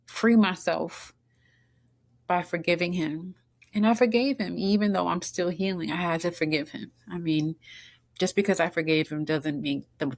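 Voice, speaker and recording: Soft-spoken, slow-talking woman. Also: low voice. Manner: earnest, halting, emotional, with many restarts. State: tearful, choked up at times. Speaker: podcast guest. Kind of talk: personal storytelling interview.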